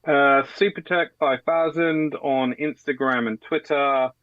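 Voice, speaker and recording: Chill guy on a video call, smooth clear voice, muffled dry audio. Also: medium pitch, steady tone, unhurried, no echo. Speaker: guest. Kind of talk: casual chat.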